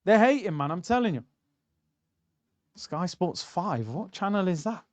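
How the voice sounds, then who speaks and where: A man's voice: high-pitched, sing-song, measured pace, a little mellow, no room sound. Man chatting on a football stream. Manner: banter, reacting and reading out chat. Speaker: streamer hosting a football watchalong. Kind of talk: casual live-stream chat.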